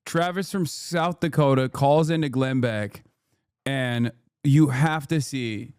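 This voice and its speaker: A man streaming reaction commentary, animated and mocking, swearing and laughing often. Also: medium pitch, takes it slowly, clear, resonant tone, no echo, studio quality.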